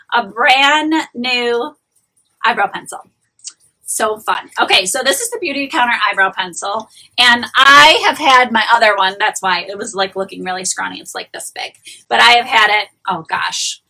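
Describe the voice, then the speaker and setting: A woman's voice: fairly high pitch, pushed and bright, low-quality recording. A woman, chatting casually through a live-streamed beauty tutorial, confiding and full of restarts. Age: 40s. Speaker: beauty vlogger and shop owner. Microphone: phone or camera close up, live stream.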